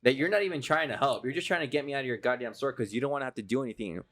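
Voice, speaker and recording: A man's voice: mid-range voice, racing, a bit bright. A man co-hosting a casual podcast, telling a heated story full of swearing. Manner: heated, profane ranting storyteller. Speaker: podcast co-host. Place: indoors, podcast recording.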